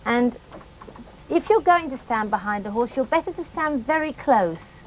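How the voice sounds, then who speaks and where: A middle-aged woman, a riding instructor, calmly demonstrating horse care to children step by step. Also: on the high side, moderate pace, a little hiss or hum, low-quality recording. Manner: calm, gentle, explains each step patiently. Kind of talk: hands-on demonstration teaching children.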